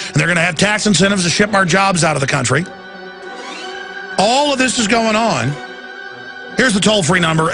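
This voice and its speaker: A middle-aged man hosting a radio talk show, ranting emphatically and at times shouting. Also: on the high side, creaky. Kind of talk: impassioned talk radio monologue.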